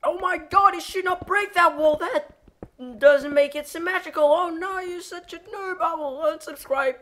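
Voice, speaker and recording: A woman putting on the voice of a whiny, angry young viewer yelling at the screen in a shrill, melodramatic way. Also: normal speed. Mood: outraged.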